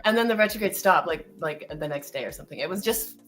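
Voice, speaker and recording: A woman co-hosting a casual stream, animated as she tells her story, swearing often and acting out her own lines. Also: on the low side, quick pace, soft background music, rough recording. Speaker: stream co-host. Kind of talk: casual chat.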